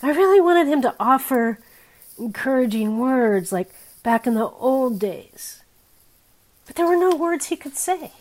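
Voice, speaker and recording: A woman in her fifties delivers a sermon with candor and dry humor, talking as if in conversation. Her voice is expressive and a touch slow, its pitch and volume rising and falling dramatically.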